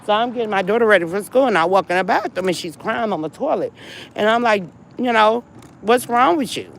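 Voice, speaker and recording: A woman's voice: medium pitch, animated, brisk, vocal fry, slight background noise, low-quality recording. A woman telling a long personal story to her viewers in a casual venting style, upset and worn down, often repeating herself and speaking to them directly. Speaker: vlogger talking to viewers.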